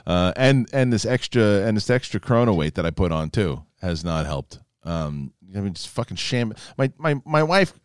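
Man, middle-aged, co-host, profane jokey chat, very animated delivery, dry room. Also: lowish voice, moderate pace, hardly any pauses, clear, resonant tone, no echo. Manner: profane, joking, riffs into mock voices. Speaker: podcast co-host. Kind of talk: casual comedic chat.

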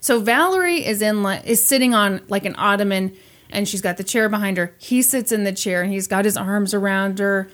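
A woman hosting a podcast, casually telling a true-crime story in an animated way, acting out quotes and laughing often. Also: mid-range voice, brisk. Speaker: podcast host.

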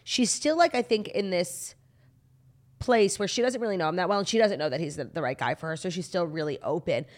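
A woman co-hosting a casual chat, talking in animated, emphatic bursts. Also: fairly low pitch. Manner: animated, emphatic, quick asides. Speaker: co-host. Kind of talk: casual chat about reality TV.

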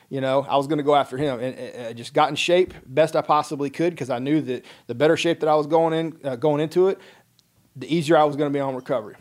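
This fairly high-pitched middle-aged man, a former serviceman, recounts a personal anecdote in an easygoing podcast conversation. His manner is dry and straightforward, and he performs the characters' lines.

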